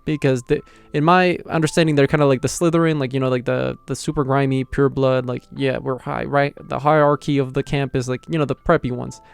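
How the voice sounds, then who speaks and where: A young man excitedly recapping an anime episode in slangy, casual talk. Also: medium pitch, brisk, gravelly, smooth. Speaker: anime reviewer.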